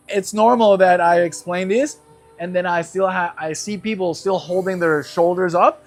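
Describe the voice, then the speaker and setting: A man teaching a guided breathing lesson, explaining each step and checking in with his class as he goes. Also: high voice. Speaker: breathwork instructor.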